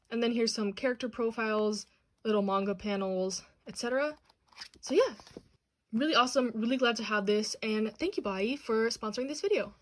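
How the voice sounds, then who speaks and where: A young woman with a slightly high voice hosts a casual unboxing vlog. She talks chattily and bubbles over with excitement, gushing about her favorite items. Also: a little fast. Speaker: channel host. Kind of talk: manga haul and unboxing vlog.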